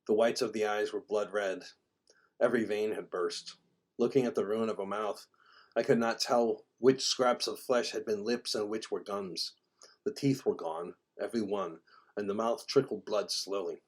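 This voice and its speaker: A man reads his own dark fantasy tale aloud in the first person. His voice sits fairly low, and he trips and restarts on words now and then. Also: fairly even intonation, moderate pace, slightly rough. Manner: first-person narration with small stumbles and restarts. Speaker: author reading his own fiction. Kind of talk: reading a fantasy story aloud.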